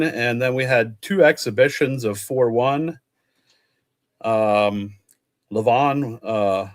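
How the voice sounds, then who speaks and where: A man in casual chat, rambling through results and stories from an event he worked as an official. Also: medium pitch. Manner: rambling, chatty, reads out results. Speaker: truck pull official.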